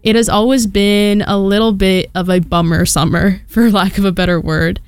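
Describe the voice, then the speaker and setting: A woman in her early twenties talking casually on her own podcast, chatty and self-deprecating with quick laughs. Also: medium pitch, fairly even intonation, smooth, dry recording, clean studio sound. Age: 20s. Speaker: podcast host. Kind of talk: casual solo podcast chat.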